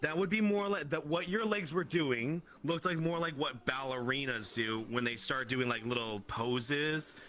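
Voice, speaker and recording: A man guesting on a stream, excitable and laughing hard, chatting casually. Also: mid-range voice, normal speed, hardly any pauses.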